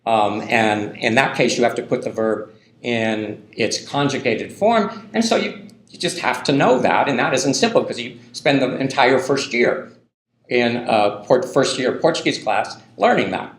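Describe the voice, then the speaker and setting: A man's voice: medium pitch, animated, moderate pace. A man giving a university linguistics lecture in a loose, conversational way, full of ums and tag questions. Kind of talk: classroom lecture. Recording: echoey lecture hall.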